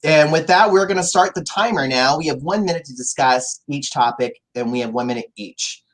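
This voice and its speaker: A man's voice: fairly high pitch, brisk, fairly bright tone. Campy, theatrical young male podcast host. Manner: campy, theatrical, crude jokes. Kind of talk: casual chat.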